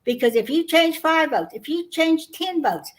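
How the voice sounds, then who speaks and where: A woman's voice: high-pitched, lively intonation, normal speed. A woman running for Congress, speaking in a plainspoken, determined way on a video call. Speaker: congressional candidate. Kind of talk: earnest political talk.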